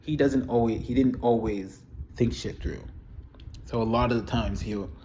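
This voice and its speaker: A man's voice: medium pitch, normal speed, warm tone, a little hiss or hum. A man in a casual video, giving blunt, profane opinions in a rambling, candid way. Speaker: video creator reviewing a TV show. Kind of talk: casual chat.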